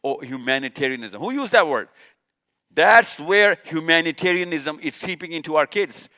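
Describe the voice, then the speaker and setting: A man's voice: a little high, lively intonation, moderate pace, bright, forceful tone. A man from Pakistan, giving an impassioned religious lecture to a live audience, firing off rhetorical questions and repeating his points for emphasis. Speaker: speaker at a live session.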